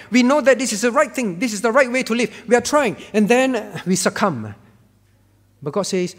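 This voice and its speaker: Emphatic high-voiced male preacher in a reverberant hall. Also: sing-song, moderate pace. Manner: emphatic, repeating key words, swinging from quiet to loud. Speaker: pastor. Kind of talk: sermon. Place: church sanctuary. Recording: church hall with long reverb.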